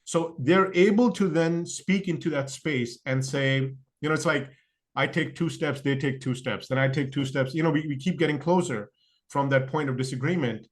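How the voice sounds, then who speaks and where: Slightly high in pitch and speaking at a normal speed, this podcast guest is thoughtful and conversational in an interview. He frequently restarts sentences, leans on fillers, and acts out the excuses he quotes from others.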